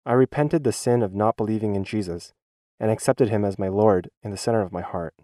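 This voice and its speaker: Earnest male voice-over, low and mellow, dry close sound, reading a teacher's church testimony. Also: brisk, no echo. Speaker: schoolteacher giving a church testimony.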